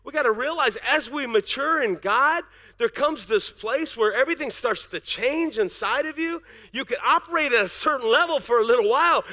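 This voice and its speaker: Man, pastor, sermon, very high voice, bright tone, chatty preaching with quick restarts. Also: lively intonation. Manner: conversational preaching with acted-out dialogue and laughter; repeats words in quick restarts.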